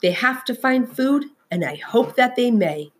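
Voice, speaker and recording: A woman's voice: lively intonation, unhurried, a little hiss or hum. The Lorax, a woman voicing a cranky little creature. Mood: complaining. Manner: scolding, reproachful, raised pitch. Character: small cranky male forest creature, scolding. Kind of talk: storybook read-aloud.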